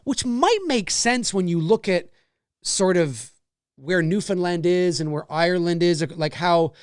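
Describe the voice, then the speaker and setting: Canadian male live-show host, rambling, animated, slightly high voice, dry sound. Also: a little slow, clear, resonant tone, no echo. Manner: rambling, animated, swears freely. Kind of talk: casual live-stream chat.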